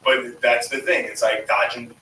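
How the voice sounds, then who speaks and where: A man's voice: medium pitch, steady tone, moderate pace, sharp tone, far from the mic. A man in his thirties, a former sanitation worker, telling stories in a casual, blunt and profane way. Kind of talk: casual storytelling. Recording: echoey room, voice off-mic, faint room noise.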